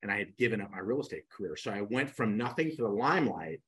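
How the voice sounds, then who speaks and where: A man's voice: on the low side, fast talker, breathy edge, poor audio. An older man, a guest real estate coach, telling his story in a podcast interview and acting out the people he quotes. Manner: animated storyteller who acts out quoted speakers.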